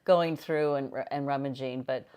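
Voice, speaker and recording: A woman's voice: rumbling low, fairly even intonation, normal speed, a little mellow, smooth. An older woman from the United States hosting a casual live-stream chat, talking in a meandering, chatty way with frequent restarts. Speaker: host.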